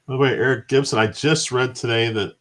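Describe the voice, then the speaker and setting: A man co-hosting a casual gaming stream chat, easygoing and relaxed. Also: mid-range voice, a little fast. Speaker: co-host.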